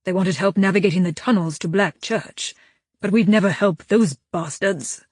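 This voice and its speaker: Gruff stubborn dwarf boss, curt and grumbling, read by a woman, husky tone, dry audiobook sound. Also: mid-range voice, moderate pace, dry recording, natural voice.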